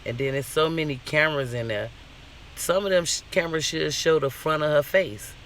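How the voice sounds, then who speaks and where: A man's voice: on the high side, fairly quick, fairly bright tone, a little hiss or hum. Guy ranting on his vlog, mad and cussing, keeps asking why, faint cars going by. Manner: indignant, profane, questioning. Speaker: vlogger. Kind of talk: casual commentary rant.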